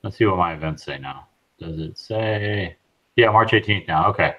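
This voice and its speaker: Easygoing guy co-hosting a live chat, bit low voice, muffled lo-fi mic. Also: normal speed, a bit bright. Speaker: podcast co-host. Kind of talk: casual live-stream chat.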